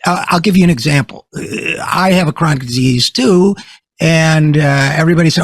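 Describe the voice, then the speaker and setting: A man hosting a political interview, telling a story in a conversational, animated way. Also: a little high, brisk, slightly rough, no room sound. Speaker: host.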